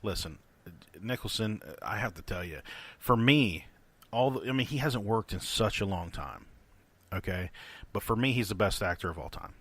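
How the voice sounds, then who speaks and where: A man's voice: fairly low pitch, lively intonation, normal speed, fairly bright tone, slightly rough, no room sound. A man co-hosting a casual movie podcast, rambling with lots of restarts. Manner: rambling, many fillers and restarts. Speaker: podcast co-host.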